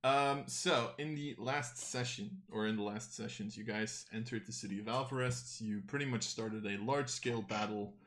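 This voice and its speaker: A man's voice: fairly low pitch, normal speed, few pauses, fairly bright tone. A man hosting a weekly tabletop game stream as game master, laughing often and swearing casually between bits of narration.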